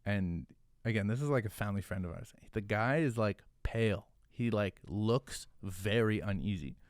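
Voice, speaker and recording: Man, podcast guest, lowish voice, casual swearing storyteller, filler-heavy, close dry sound. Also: moderate pace, no echo. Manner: animated, profane, filler-heavy, "like" every few words.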